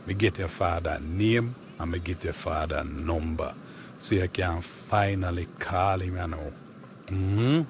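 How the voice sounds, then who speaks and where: Helpful Jamaican neighbour in a cartoon, low and gravelly, over street noise. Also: male voice, measured pace. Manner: calm, soothing, easygoing. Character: kindly helpful young man, calm neighbour. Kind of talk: animated cartoon dialogue.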